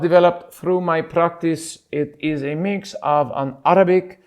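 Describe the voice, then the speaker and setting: A man's voice: fairly high pitch, steady tone, measured pace, clean tone. A man hosting a casual solo podcast, talking in a playful, self-deprecating way. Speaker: podcast host.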